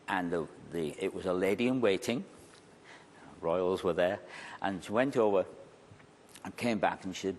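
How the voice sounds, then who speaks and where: Lively male storyteller in a reverberant hall. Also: lowish voice, normal speed, a little hiss or hum. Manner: animated storyteller, repeats phrases for emphasis. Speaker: magician giving a conference talk. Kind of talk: storytelling lecture. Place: large conference hall.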